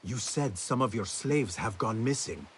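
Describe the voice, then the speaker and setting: A man voicing a calm, stern assassin. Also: fairly low pitch, slight background noise, close to an everyday voice. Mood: measured. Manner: measured, stern. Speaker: video game protagonist. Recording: game audio with faint ambience.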